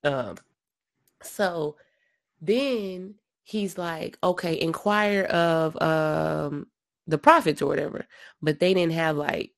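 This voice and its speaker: A woman casually retelling Bible stories, slangy and animated, acting out the characters' lines. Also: deep voice, slow pace, gravelly, no room sound, studio quality. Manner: animated storyteller, slangy, acts out quotes. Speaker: podcast co-host discussing scripture. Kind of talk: casual Bible discussion chat.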